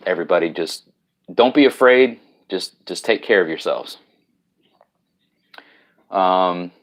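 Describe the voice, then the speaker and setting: A man hosting a casual live stream from home on his laptop, greeting viewers, reading out their comments and rambling with many fillers and restarts. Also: medium pitch.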